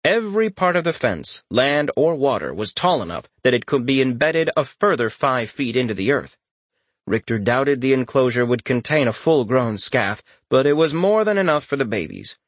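A man's voice: medium pitch, very animated, moderate pace, no echo. Man narrating a fantasy audiobook, dry.

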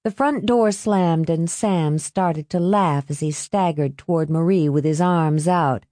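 A woman narrating a novel aloud with steady, expressive reading. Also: on the low side, unhurried, no room sound, clean studio sound. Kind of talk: audiobook narration.

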